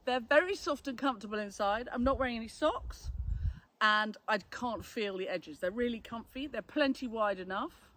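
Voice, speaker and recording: A woman's voice: a little high, normal speed, fairly bright tone, a little hiss or hum. A woman, a flower farmer and florist, giving a chatty, cheerful product review and laughing often.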